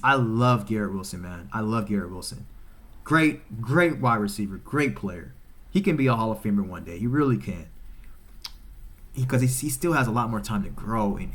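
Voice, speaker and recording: A man hosting his own football channel, ranting off the cuff, profane and heated, repeating himself and swinging between low mutters and loud outbursts. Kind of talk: unscripted sports rant to camera.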